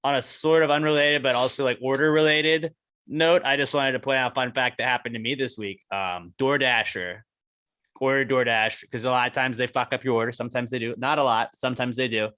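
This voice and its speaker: A man co-hosting a podcast, telling jokey stories in a casual, animated way. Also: medium pitch, brisk, clear, resonant tone, no room sound. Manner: joking, animated storyteller. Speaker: podcast co-host. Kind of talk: casual chat.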